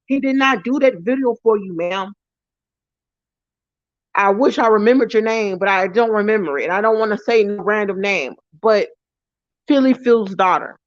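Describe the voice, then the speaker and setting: A woman's voice: mid-range voice, normal speed, dry recording, dull audio. A woman delivering an angry, profane rant straight to her viewers, repeating herself and swearing hard, her voice breaking as she nears tears. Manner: heated, repetitive, swearing heavily, voice breaking near tears. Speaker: YouTuber ranting to viewers.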